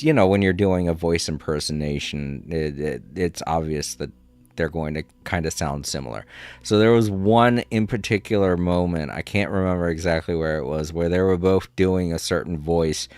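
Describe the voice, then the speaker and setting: A man's voice: low voice, a little mellow, clean tone, dry recording. A man streaming a game, chatting casually and rambling, laughing often and swearing a little. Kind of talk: casual live-stream chat.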